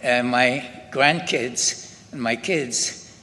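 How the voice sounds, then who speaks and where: Slow-talking older Scottish man in a hall. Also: medium pitch, sharp tone. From Scotland. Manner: slow, halting storytelling with many pauses and restarts. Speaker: Holocaust survivor giving testimony. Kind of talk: spoken testimony to an audience. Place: synagogue hall. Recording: reverberant hall with faint ambient noise.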